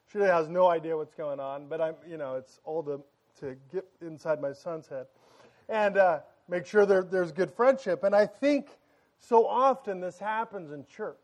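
High-voiced excited male pastor preaching. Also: normal speed. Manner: joking, storytelling, loud and excited. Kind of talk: sermon. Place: church sanctuary.

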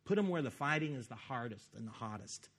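A man's voice: mid-range voice, lively intonation, a little fast, a bit bright, slightly rough. A man voicing King David as a scheming ruler, talking casually as he plots.

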